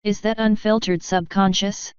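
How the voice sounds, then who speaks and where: Woman reader as a defiant young unicorn mare, slow and emphatic, very clear voice, storybook reading. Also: mid-range voice, steady tone, no room sound, muffled recording, lightly acted. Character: young female unicorn scholar, angry and defiant.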